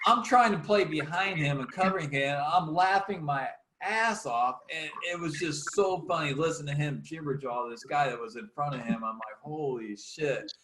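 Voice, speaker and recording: A man hosts a relaxed podcast conversation, storytelling and laughing easily. His voice sits in an echoey room with clear background noise. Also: a little high, brisk, hardly any pauses. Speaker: podcast host. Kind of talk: casual chat.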